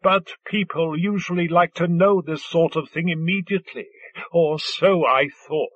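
A man's voice: a little high, measured pace, dry recording. A man voicing a dry, polite ship mind. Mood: reasonable. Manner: reasonable, faintly insincere. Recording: dull lo-fi recording.

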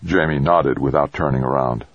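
A man narrating an audiobook in a measured, even storytelling manner. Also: a bass voice, no echo, narrow, tinny audio. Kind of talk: scripted narration.

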